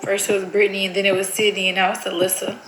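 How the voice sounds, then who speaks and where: Talking directly into the camera, a chatty, giggly young woman vlogs for her viewers at a rapid-fire pace. Her voice sits at medium pitch with a level tone. Faint music plays beneath a roomy echo.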